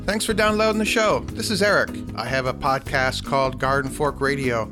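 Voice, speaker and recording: A man's voice: medium pitch, fairly quick, over music. A man hosting a solo podcast in casual, chatty talk, self-deprecating and full of ums, speaking into a microphone at his desk. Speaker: podcast host. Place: home desk with computer. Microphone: studio microphone.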